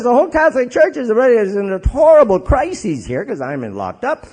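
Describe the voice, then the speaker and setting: A Canadian man and Catholic priest telling his recovery story to an audience in a joking, animated way. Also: very high-pitched, fairly quick, hardly any pauses. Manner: joking, animated storyteller who acts out others' voices.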